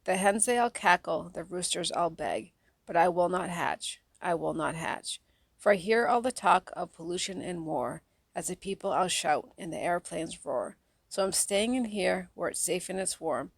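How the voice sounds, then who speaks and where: A woman reading children's poems aloud in a soft, unhurried, even way, close to the mic. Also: fairly low pitch, gravelly, husky, no room sound. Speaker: audiobook reader.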